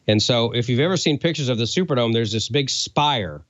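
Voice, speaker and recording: A man's voice: mid-range voice, a little fast, no echo, highs cut off. A man from Oklahoma, a radio broadcaster and co-host, telling stories in casual chat with lots of fillers. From Oklahoma, USA. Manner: relaxed storytelling with fillers.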